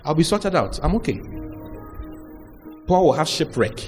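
A man preaching a lively sermon, mixing humor and acted-out quotes. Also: on the high side, normal speed, long reverb tail, soft background music. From Ghana. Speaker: pastor.

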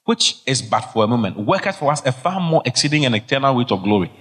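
Man, middle-aged pastor, emphatic exhorting sermon, mid-pitched voice, long hall reverb. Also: big pitch swings, quick pace, a bit bright. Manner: emphatic, exhorting, repeats key phrases.

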